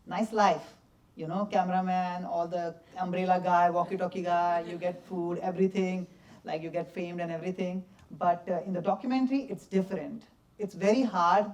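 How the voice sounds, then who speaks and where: Give me a young man telling lively stories at a post-screening Q&A, heard from a distance. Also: sits high. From India. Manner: lively storyteller, laughs often, simple broken English. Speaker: film subject answering audience questions. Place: cinema or festival hall. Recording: distant from the mic.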